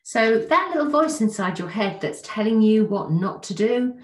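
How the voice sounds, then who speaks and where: A woman giving a gentle, reassuring self-help talk straight to the listener, often asking rhetorical questions. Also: on the high side, animated, moderate pace, hardly any pauses. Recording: echoey room.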